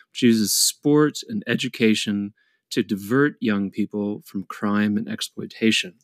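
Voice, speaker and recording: A man co-hosting a podcast in casual chat, teasing the guest with a deadpan joking manner. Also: medium pitch, no room sound, studio quality. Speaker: podcast co-host.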